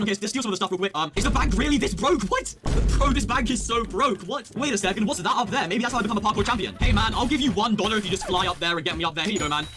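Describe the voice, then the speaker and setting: High, rapid young gamer man. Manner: playful, joking, excitable. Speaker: gaming youtuber. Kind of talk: casual gameplay commentary.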